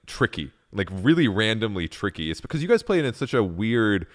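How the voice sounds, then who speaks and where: Low voiced podcast host guy, swears a lot, voice jumps all over the place. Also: sing-song, brisk. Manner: loose and profane, laughs often, trips over words. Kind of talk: casual interview chat.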